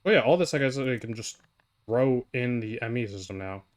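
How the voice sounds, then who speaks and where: A man's voice: mid-range voice, expressive, a little fast. Casual male gameplay streamer. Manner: rambling, talks to chat while playing. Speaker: livestreamer. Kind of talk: casual live gameplay chat.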